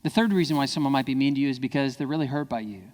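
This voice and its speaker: A man giving a lively keynote speech to parents, acting out quoted kids and parents in high voices. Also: rapid-fire. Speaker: keynote speaker. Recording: hall reverb.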